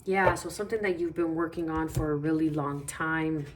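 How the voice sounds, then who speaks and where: A woman's voice: low-pitched, fairly even intonation, normal speed, a little hiss or hum. A woman giving a casual tarot reading, talking in a meandering, reassuring way and thinking aloud as she goes. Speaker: tarot reader.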